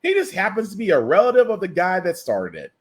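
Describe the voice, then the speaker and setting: Animated man ranting, high expressive voice. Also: fast talker. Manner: animated, incredulous ranting with comic asides. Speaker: podcast host. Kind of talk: satirical news commentary monologue. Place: lives in the US South.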